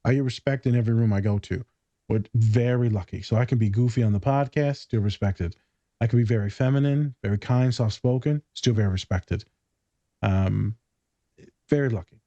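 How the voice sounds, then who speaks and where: Blunt, profane man, mellow voice. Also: mid-range voice, moderate pace, no room sound. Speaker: podcast host. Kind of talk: casual podcast chat. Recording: slightly dull lo-fi recording.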